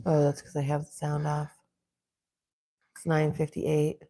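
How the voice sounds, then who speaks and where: A woman's voice: sits low, monotone, unhurried, warm tone. A woman hosting a casual live chat from home, chatting along and playfully scolding her dogs. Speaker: livestream host.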